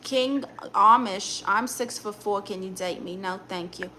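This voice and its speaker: A woman's voice: medium pitch, bright, forceful tone, a little hiss or hum. A woman with a Brooklyn accent voicing a blunt, sassy aunt who reads viewer comments and gives dating advice on a live stream. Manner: blunt, sassy, quick comebacks.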